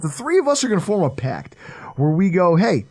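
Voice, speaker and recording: Man, podcast co-host, casual chat, lively swooping pitch, fairly high voice, swears a lot. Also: a little fast. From Buffalo area, New York. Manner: animated, swearing, philosophizing.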